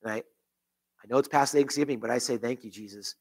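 A man's voice: mid-range voice, brisk. A man pastor leading a closing prayer in church, earnest, with repeated phrases and restarts. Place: church sanctuary.

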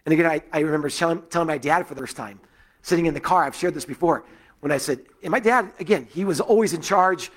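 A man's voice: a little high, fast talker, fairly bright tone. A middle-aged man giving a sermon as a pastor, telling personal stories in a loose, conversational way with frequent fillers and restarts.

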